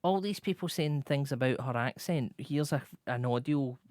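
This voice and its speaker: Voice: mid-range voice, moderate pace, darkish tone, no echo. A radio co-host with an ordinary mid-range voice, grumbling and mocking in casual banter. The sound is close and dry, with no room around it. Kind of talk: casual comedic chat.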